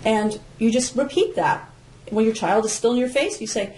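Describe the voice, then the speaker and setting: A woman's voice: on the high side, normal speed, darkish tone, rough recording. A woman parent coach speaking as a podcast guest, earnest and given to repeating her key points. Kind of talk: podcast interview.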